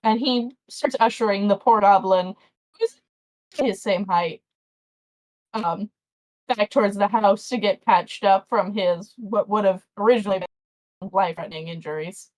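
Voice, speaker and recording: A woman's voice: medium pitch, unhurried, long pauses, rough recording. A woman running a tabletop game as game master, narrating casually and a little flustered.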